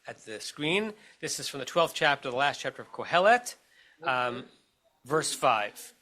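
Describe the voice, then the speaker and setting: A man's voice: mid-range voice, very animated, unhurried, sharp tone. A man with an American accent, a rabbi teaching a text study class over a video call, explaining step by step and checking in with his listeners as he goes.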